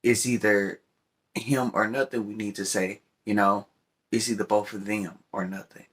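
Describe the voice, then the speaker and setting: A man with a deep, husky voice and steady tone offers casual opinions while smoking on a vlog, speaking at a normal speed. He rambles and keeps checking in with the listener, repeating "you know what I'm saying."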